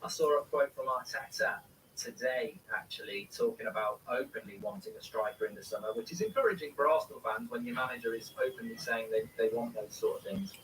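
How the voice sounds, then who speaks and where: Rambling host, distant noisy mic. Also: male voice, medium pitch, a little fast. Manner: rambling, reads viewer questions aloud and answers them. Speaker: live-stream host. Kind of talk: casual match watchalong chat. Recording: distant mic with steady background noise.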